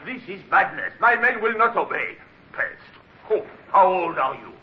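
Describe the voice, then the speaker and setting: An actor playing a nervous middle-aged French privateer officer with a French accent, pleading and excitable, in a 1950s radio drama. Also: male voice, high voice, normal speed. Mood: alarmed. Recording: dull lo-fi old radio recording.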